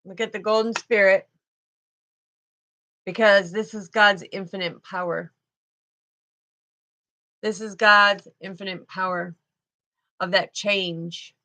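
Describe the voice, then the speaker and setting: A woman's voice: mid-range voice, steady tone, slow pace, pauses often, pushed and bright, poor audio. A woman doing a spiritual card reading, talking in a fervent, emotional way and often repeating herself.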